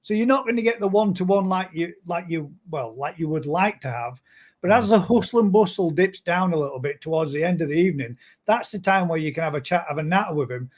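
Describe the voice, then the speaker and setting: A man's voice: fairly high pitch, expressive, fast. A man hosting a casual live-stream chat, friendly and calling people mate. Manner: chatty, friendly, calls everyone mate.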